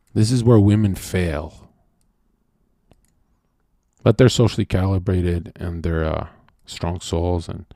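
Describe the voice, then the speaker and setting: A man's voice: lowish voice, warm tone, dry recording, clean studio sound. A man hosting a stream, ranting in a crude, profane monologue and asking "right?" again and again. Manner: mock-quotes people in sudden voice swings. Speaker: streamer host.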